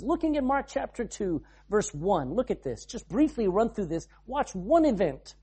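A man preaches with a lively, rising and falling pitch. He moves from booming lines to hushed ones and reads scripture in old-fashioned wording. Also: moderate pace, few pauses, husky. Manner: dramatic, swings from loud to hushed. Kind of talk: sermon.

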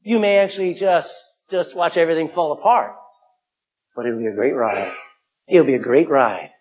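A middle-aged male pastor preaching a sermon, emphatic, swinging from loud calls to hushed asides. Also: on the high side, moderate pace, husky.

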